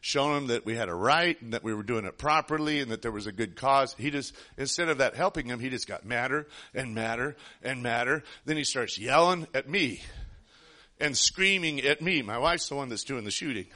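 A man preaches to his congregation while telling a long personal story, with a bright, forceful tone. He speaks earnestly and rambles, often restarting his sentences. His pitch sits in an ordinary middle range. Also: lively intonation, moderate pace. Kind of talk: sermon storytelling.

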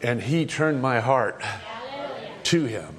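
A middle-aged male pastor delivering a sermon in a voice of middling pitch. He preaches with emphasis, leaping higher and louder to drive points home, then falling to low, quiet asides. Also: lively intonation, takes it slowly, crowd noise.

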